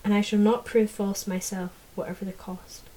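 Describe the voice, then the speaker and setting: A woman's voice: medium pitch, little pitch movement, moderate pace, dark tone, natural voice, rough recording. A woman reading aloud, voicing a proud, cold fairy lord who speaks with hissing contempt. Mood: haughty. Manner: hissing, haughty.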